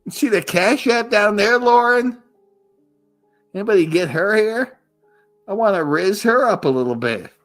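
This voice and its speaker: A man's voice: sits high, animated, unhurried, long pauses, a bit bright, soft background music. A man hosting a live stream in casual chat, rambling crudely and repeating himself.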